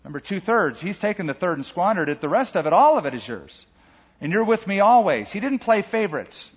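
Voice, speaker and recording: Male pastor preaching, husky voice, echoey church hall, kinda dull lo-fi sound. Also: high-pitched, very animated, fast talker. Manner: earnest, emphatic preaching with rhetorical questions. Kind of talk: sermon. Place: church auditorium.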